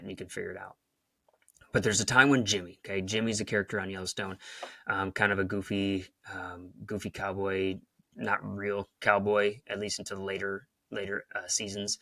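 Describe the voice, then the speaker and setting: A man's voice: sits low, bright, forceful tone, no echo, studio quality. A man hosting a podcast, giving a rambling motivational talk and retelling scenes with emphasis. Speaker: podcast host and coach.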